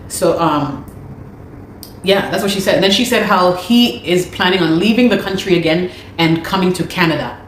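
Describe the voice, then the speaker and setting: A woman's voice: on the low side, moderate pace. Urgent woman pleading for help in an echoey room. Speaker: musician and video host. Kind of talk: personal appeal to viewers. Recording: echoey room with faint noise.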